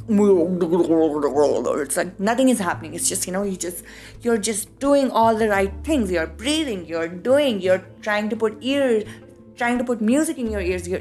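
A woman from India with an Indian accent, hosting a podcast and telling a personal story in a casual, animated way, acting out both sides of conversations. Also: medium pitch. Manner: animated, acts out both sides of quoted dialogue, frequent swearing. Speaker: podcast host.

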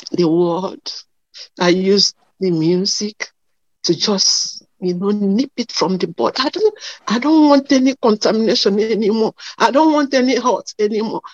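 A tearful woman giving a halting, emotional testimony with many pauses and fillers. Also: mid-range voice, dry recording. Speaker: testimony giver. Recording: dull dry lo-fi sound.

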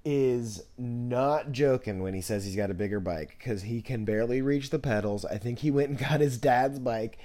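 A young man in his twenties rambles through a podcast story, scatterbrained and jokey, piling on fillers. His voice is warm and mellow at a middling pitch. He leaps up high whenever he quotes somebody else. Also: normal speed, few pauses. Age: 20s. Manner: animated, jumps into high voices when quoting others. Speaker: podcast host. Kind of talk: casual storytelling monologue.

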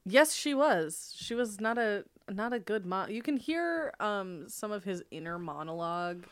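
A woman's voice: medium pitch, animated, a little slow. A woman co-hosting a podcast, recapping a film in loose, rambling chat. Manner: rambling, many fillers and restarts. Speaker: podcast co-host.

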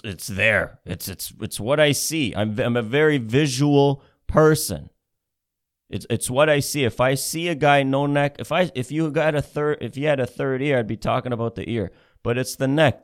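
A man hosting his own show, ranting in a blunt, profane way and often repeating himself as he restarts sentences. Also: mid-range voice. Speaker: show host. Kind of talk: casual rant.

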